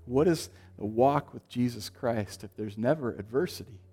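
A man preaching a sermon, swinging from loud, emphatic lines to hushed, quiet ones. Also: mid-range voice, normal speed, soft background music. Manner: dynamic, shifting from loud to hushed. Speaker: pastor.

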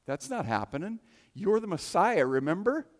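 A man putting on a bewildered male disciple who fires off denial after denial in a raised, louder voice. The words ring out through a big hall with a long echo. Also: very animated. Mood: protesting. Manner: insistent, rapid denials, raised pitch. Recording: long reverb of a large hall.

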